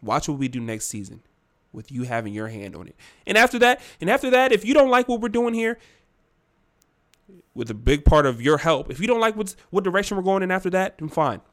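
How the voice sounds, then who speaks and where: A man's voice: sits high, very animated, a little fast, fairly bright tone, pitched above the performer's own voice. A man voicing a male team owner who earnestly pleads with and makes promises to his star player. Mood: bargaining.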